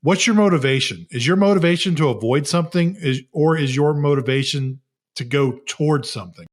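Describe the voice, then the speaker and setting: A man's voice: a little high, brisk. Wry joking man in his thirties. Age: 30s. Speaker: podcast co-host. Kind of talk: casual conversational podcast.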